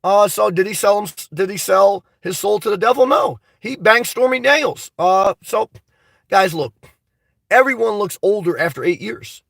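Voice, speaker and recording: A man hosting a casual live stream, reading viewer comments and rambling about them in an animated way. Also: sits high, normal speed, vocal fry, no echo, clean studio sound, far from the mic.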